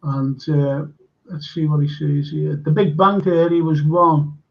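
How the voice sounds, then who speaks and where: A man's voice: a little high, level tone, a little slow, gravelly. A man hosting a live stream, reading viewer comments aloud and chatting casually with fillers. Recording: dull lo-fi stream audio.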